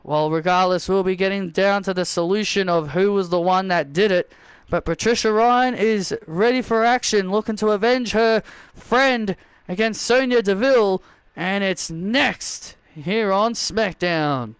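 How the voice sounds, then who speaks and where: A man giving excitable play-by-play commentary over a wrestling video game, often shouting the calls. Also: high-pitched, measured pace, clean tone, dry recording.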